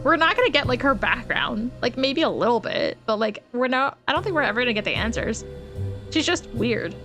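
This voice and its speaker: A woman's voice: fairly high pitch, very animated, brisk. A woman streaming a visual novel, chatting casually in a rambling way and laughing often. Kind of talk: casual chat and reading game text aloud. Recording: game music behind.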